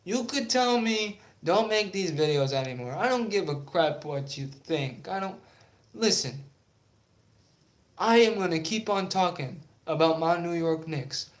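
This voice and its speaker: A young man rants about his team in an unhurried, halting way, full of ums and restarts. His voice sits fairly high. The room around him rings with echo. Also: lively intonation. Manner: halting, many fillers, then heated and defiant. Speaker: YouTube sports channel host. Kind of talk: casual sports talk vlog. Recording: echoey room.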